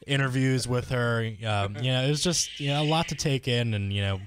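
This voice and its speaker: A man co-hosting a casual podcast, relaxed and rambling, with many fillers. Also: mid-range voice, brisk, background noise. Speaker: podcast co-host. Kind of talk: casual chat.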